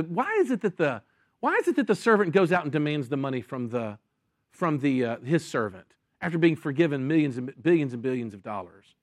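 Man, pastor, sermon, lively delivery, acts out voices, somewhat high voice. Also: no echo, studio quality. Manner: animated, acts out story voices, restarts often. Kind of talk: sermon with audience Q&A.

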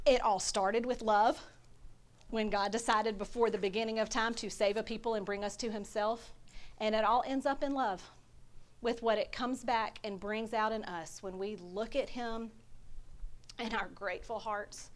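Woman teaching bible study, earnest and chatty, sermon-ish, middle pitch. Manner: earnest, heartfelt. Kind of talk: conversational sermon.

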